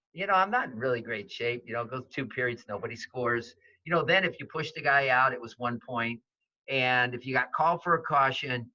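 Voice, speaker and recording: Bright-voiced man telling a story. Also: medium pitch, dry recording. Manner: animated storyteller, many fillers and restarts. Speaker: wrestling coach. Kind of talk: storytelling interview. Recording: dull lo-fi sound, dry.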